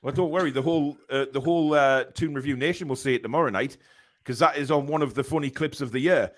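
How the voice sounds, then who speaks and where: A man's voice: medium pitch, quick pace. A man hosting a casual football podcast, reading out live chat comments with lots of ums and uhs.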